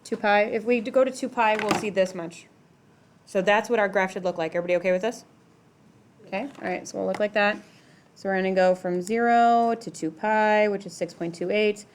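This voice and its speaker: A woman's voice: mid-range voice, steady tone, fairly quick, a little hiss or hum. A middle-aged woman teaching a math class in a classroom, talking casually, using "like" a lot and asking the students questions. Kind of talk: classroom lecture.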